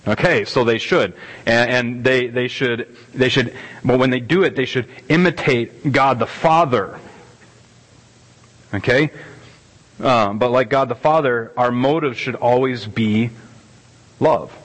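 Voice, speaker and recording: A man's voice: mid-range voice, unhurried, pauses often, fairly bright tone. Male pastor, casual rambling preacher who acts out quotes, in a reverberant hall. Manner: rambling, self-deprecating, with many restarts and acted-out quotes. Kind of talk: conversational sermon. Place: church hall. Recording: long reverb of a church hall.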